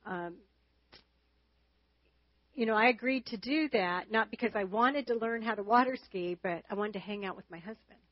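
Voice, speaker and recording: A woman's voice: mid-range voice, moderate pace, long pauses, no room sound, highs cut off. A woman chatting and telling stories during a church marriage lesson shared with her husband. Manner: chatty, storytelling. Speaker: marriage teacher, co-host with husband.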